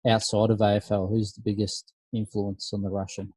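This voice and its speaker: Mellow host asking questions. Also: male voice, lowish voice, fairly quick, breathy edge, dry recording. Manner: relaxed, encouraging questioner. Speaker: podcast co-host. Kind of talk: casual interview chat.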